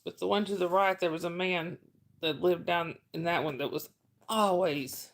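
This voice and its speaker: A woman's voice: lowish voice, normal speed. A middle-aged woman hosting a casual livestream, telling rambling stories and reading chat names aloud.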